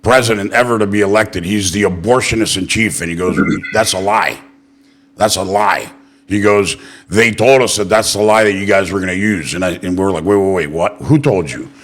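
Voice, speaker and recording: In a casual political interview show, the male podcast host rambles through profane anecdotes, acting out the quotes. His voice is fairly low and his delivery a little fast.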